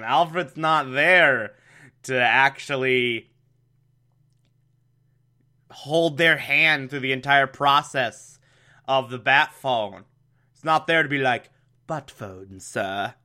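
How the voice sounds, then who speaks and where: Wry, chatty man with a crisp, bright voice. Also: medium pitch, slow, long pauses. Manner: wry, chatty, laughing asides. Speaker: show host recapping an episode. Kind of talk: casual comedic recap.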